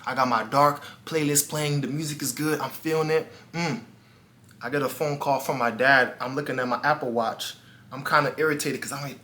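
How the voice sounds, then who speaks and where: A man's voice: a little high, steady tone, normal speed, pushed and bright. A man, a life coach, telling a personal story in an earnest motivational monologue, speaking straight to the viewer and acting out the dialogue.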